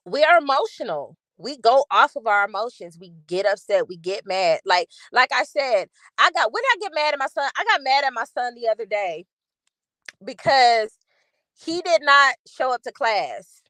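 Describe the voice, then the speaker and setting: A woman's voice: fairly high pitch, moderate pace, no room sound. Chatty woman with a dry, close sound. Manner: chatty, animated, talks straight to viewers. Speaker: channel host. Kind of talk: casual commentary to a live chat.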